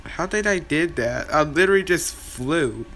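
A man's voice: a little high, lively intonation, moderate pace, a bit bright, slight background noise. A man playing a horror game and commentating, yelping in panic and laughing as he goes. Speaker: gaming channel host. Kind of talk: let's-play commentary.

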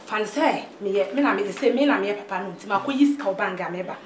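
An actress playing an excitable, scheming Ghanaian woman who mixes Twi and pidgin English in a film scene. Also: medium pitch, quick pace, a little hiss or hum, natural voice. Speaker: film character. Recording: echoey room with loud film music.

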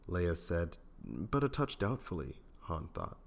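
Deep-voiced man narrating a story. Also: huge pitch swings, measured pace, vocal fry. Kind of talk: fan audiobook narration.

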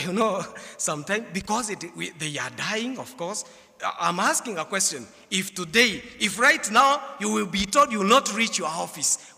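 A man preaching a funeral sermon, telling stories and moving from quiet asides to shouted exhortation. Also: sits high, gravelly. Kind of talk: sermon with storytelling. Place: church. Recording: echoey church hall with long reverb.

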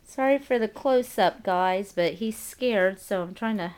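A woman's voice: medium pitch, a little slow, a little mellow, smooth. A woman filming her dogs' birthday party at home, cooing baby talk to them and laughing often. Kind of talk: home video chat, baby talk to dogs. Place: home, indoors. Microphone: handheld camcorder.

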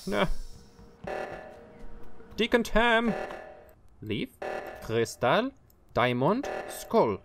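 Here is a gamer streamer chatting with friends over voice chat at an easy, unhurried pace. The voice swings up and down a lot as they tease the others and keep breaking into giggles. It sounds like a desk microphone. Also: mid-range voice, animated, faint music behind. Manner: giggly, teasing. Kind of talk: casual gaming chat over voice chat.

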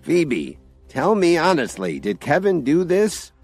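Man playing an angry middle-aged dad, yelling, high strained voice, lively swings. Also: slow, no echo, faint music behind, full character voice. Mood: doubtful. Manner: shouting, accusing. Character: furious middle-aged father, shouting.

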